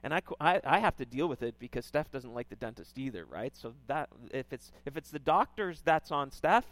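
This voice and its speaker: A man's voice: medium pitch, expressive, fairly quick, a bit bright, no echo. A middle-aged male pastor preaching a sermon in a loose, conversational way, often checking in with "right?" and repeating words as he goes.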